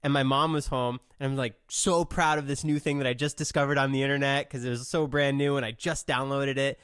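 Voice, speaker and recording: A man's voice: medium pitch, level tone, fairly quick, a bit bright, smooth, no room sound, clean studio sound. A man hosting a podcast, chatting casually and teasing his guests with jokes. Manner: joking, teasing, laughs often. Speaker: podcast host. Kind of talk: casual chat.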